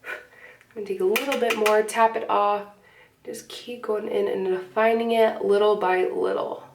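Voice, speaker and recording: A woman's voice: mid-range voice, moderate pace, recorded from a distance, slight background noise. A young woman chatting casually through a makeup tutorial, with sniffles from a cold. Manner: chatty, relaxed, filler-heavy. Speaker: beauty vlogger. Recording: echoey room, slightly off-mic.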